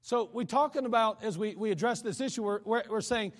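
A man's voice: high voice, a little fast, big-room sound. A man preaching a sermon in a conversational way, acting out the voices of people he quotes. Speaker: pastor.

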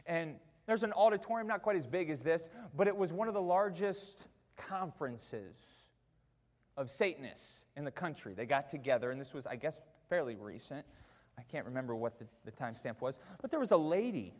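A fiery preacher in a big reverberant church. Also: male voice, fairly high pitch, animated, normal speed. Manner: swings from quiet asides to shouted peaks; chatty, self-mocking, laughs with the congregation. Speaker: pastor. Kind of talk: sermon. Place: church auditorium. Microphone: wearing a mic.

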